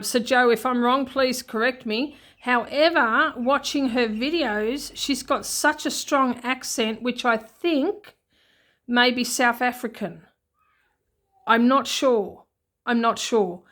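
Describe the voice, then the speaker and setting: A woman's voice: on the high side, fairly bright tone. An Australian woman chatting casually and unscripted as a budgeting vlogger at home, rambling and repeating herself as she goes. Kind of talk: casual unscripted vlog chat. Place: at home with her cat nearby.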